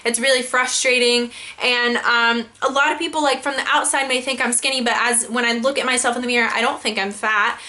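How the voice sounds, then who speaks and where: Bright, high-voiced young woman ranting. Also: fairly quick, hardly any pauses. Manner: exasperated, heavy use of "like", animated quoting. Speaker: vlogger. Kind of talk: casual ranting vlog.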